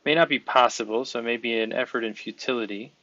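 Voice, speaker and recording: Bright, earnest male podcast host. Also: medium pitch, brisk, dry recording. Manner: earnest, encouraging, talks in long flowing sentences. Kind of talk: conversational interview. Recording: dull, slightly lo-fi sound.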